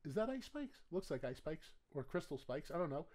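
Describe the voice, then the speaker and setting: A man gives casual running commentary while opening booster packs. His talk wanders and stumbles over fillers and restarts. It breaks into laughter and loud, gleeful yelling when he pulls the cards he wants. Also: on the high side, a little fast. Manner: rambling and chatty with bursts of loud excitement. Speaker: card game collector opening booster packs.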